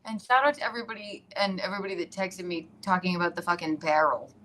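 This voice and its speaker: A woman with a lowish voice hosts a casual live stream from her iPad. She talks fast, telling stories in an excitable, rambling way and laughing often.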